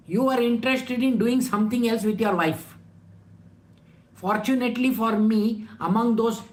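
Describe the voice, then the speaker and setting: Blunt scripture teacher in a roomy space. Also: mid-range voice. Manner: blunt, scolding, rhetorical questions. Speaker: spiritual teacher. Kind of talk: scripture talk.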